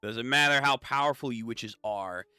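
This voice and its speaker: A man's voice: medium pitch, moderate pace, sharp tone, smooth, no room sound, clean studio sound. A man doing a smug invisible young male spy. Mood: boastful. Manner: boastful, smug taunting.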